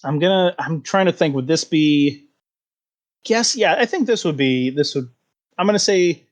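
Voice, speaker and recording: A man's voice: on the high side, animated, moderate pace. A man acting as game master for a tabletop game, explaining rules and describing scenes. He talks hesitantly, with plenty of fillers.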